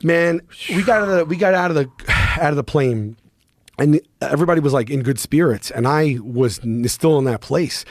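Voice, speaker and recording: Animated man telling a story, swearing freely. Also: fairly high pitch, normal speed, no echo, clean studio sound. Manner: animated, profane, restarts and trails off. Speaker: podcast guest. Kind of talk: casual storytelling.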